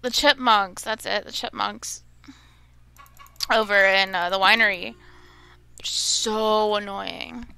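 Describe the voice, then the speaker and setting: Grumbling young woman gamer, gravelly. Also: mid-range voice, steady tone, slow pace, pauses often, bright, forceful tone, no room sound. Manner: grumbling, easily exasperated, chatty. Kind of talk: casual gameplay commentary.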